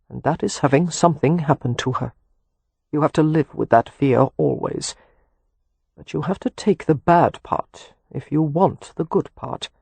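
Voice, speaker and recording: A worn-out, protective Romany man drawls with dry sarcasm, voiced by a male audiobook narrator. His tone sits a little high and husky, read close in a dead, dry booth. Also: a little mellow, no echo, heavily acted. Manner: dry sarcasm, earnest when tender.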